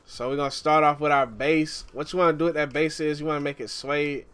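A man casually walking viewers through a game tutorial, relaxed and chatty, often calling the listener "man". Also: on the high side, fairly quick, clear, resonant tone, faint music behind. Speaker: gaming YouTuber.

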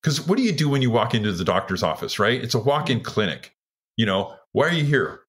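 Speaking a little fast and with animation, this lowish-voiced man is a retired firefighter in his sixties from Washington State. He recounts his story earnestly for an interview, voicing the words of others as he goes.

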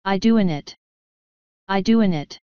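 A woman's voice: medium pitch, takes it slowly, smooth, dry recording, muffled recording, natural voice. A woman voicing a resentful male troll craftsman who mutters in broken grammar. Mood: grudging.

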